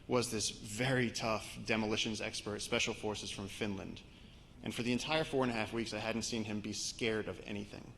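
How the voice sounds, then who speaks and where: A man from Brooklyn, an expedition guide, telling a lively story to a live audience with slides. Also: fairly low pitch, slight background noise. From Brooklyn, New York. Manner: animated storyteller, voice rising as the story builds. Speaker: expedition guide giving a talk.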